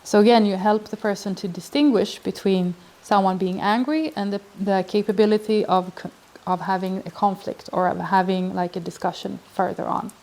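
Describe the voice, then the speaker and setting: A woman's voice: medium pitch, fairly even intonation, moderate pace, a little mellow. Woman giving self-help tips, acts out little conversations, lots of restarts. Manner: thoughtful, acts out example dialogues, frequent restarts. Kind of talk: casual advice talk.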